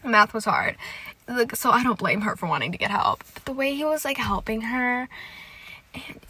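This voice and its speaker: Bright, gushing young woman podcaster. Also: a little high, normal speed, husky. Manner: gushing, excitable, heavy use of "like" and swearing. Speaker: podcast host. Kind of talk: casual solo podcast chat about a TV show.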